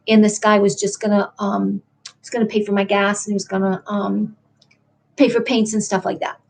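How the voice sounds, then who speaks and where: A middle-aged woman hosts a late-night livestream, meandering in conversation and responding to viewers in the chat. Her voice is medium-pitched, level, creaky and a little mellow, at normal speed.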